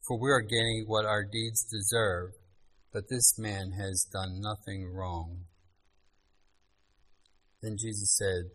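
A man delivers a sermon, reading scripture aloud with earnest, measured phrasing. His voice sits on the low side. He pauses to let the passages land. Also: flat delivery, a bit bright, husky, rough recording. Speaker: preacher.

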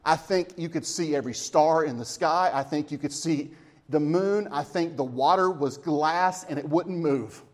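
A man preaching a sermon, swinging between lively emphasis and hushed, quiet moments, with chuckles between points. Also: on the high side, normal speed. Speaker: pastor.

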